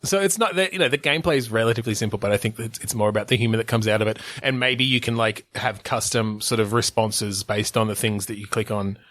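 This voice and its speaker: A man's voice: lowish voice, fast, few pauses, fairly bright tone, no echo. A man co-hosting a podcast in casual chat, rambling with many fillers and restarts and laughing often. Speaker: podcast co-host.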